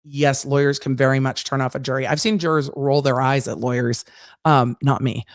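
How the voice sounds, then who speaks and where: An American woman, a former trial lawyer, hosting a live-stream and chatting through viewer comments with quick asides. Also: very deep voice, fairly even intonation, no room sound, clean studio sound. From United States.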